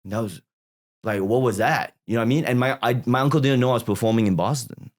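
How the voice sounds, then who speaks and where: A man in his thirties, a comedian guest, telling a personal story in a conversation, quoting people in animated voices and restarting his sentences often. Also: mid-range voice, fast talker.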